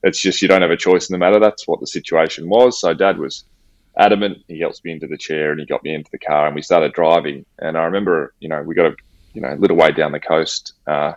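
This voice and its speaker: Very deep-voiced fast-talking Australian man. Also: no echo. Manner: casual, animated storytelling with slang and acted dialogue. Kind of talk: personal storytelling in conversation. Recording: slightly dull, dry audio.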